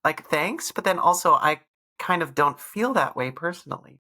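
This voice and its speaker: A woman co-hosting a casual podcast speaks in a low register with a bright, forward tone. She asks curious follow-up questions into a studio microphone. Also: expressive, moderate pace. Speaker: podcast co-host.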